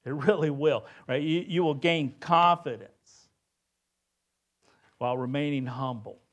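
Guy preaching a sermon, talks like a normal chat, keeps asking right?, goes loud then real quiet. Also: fairly high pitch, a little slow. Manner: conversational preaching, tag questions, swings from loud to hushed. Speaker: pastor.

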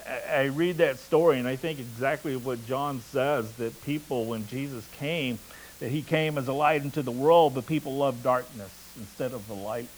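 A man preaching a sermon in a conversational, casual way, telling stories and reading scripture aloud between relaxed asides. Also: mid-range voice, normal speed, a little hiss or hum, low-quality recording. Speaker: pastor.

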